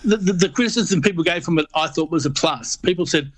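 A man's voice: fairly high pitch, fast, dry recording. Easygoing male radio guest, dry sound. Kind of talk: casual chat.

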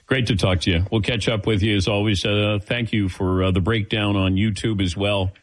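Rambling lower-voiced sports radio host. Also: male voice, steady tone. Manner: loose, halting, lots of restarts and fillers. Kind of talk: casual sports talk.

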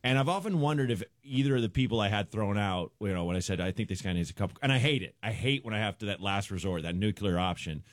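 On a radio show, a male stand-up comedian rambles through an animated story, acting out the characters as he goes. His voice is on the low side and he talks fast with few pauses, captured in clean studio sound without echo.

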